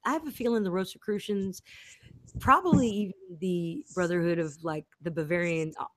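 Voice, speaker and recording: A woman's voice: on the low side, fairly quick, a bit bright, no room sound. A woman in a rambling casual chat, giggling and interrupting herself often. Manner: giggly, meandering, with frequent self-interruptions. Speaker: host.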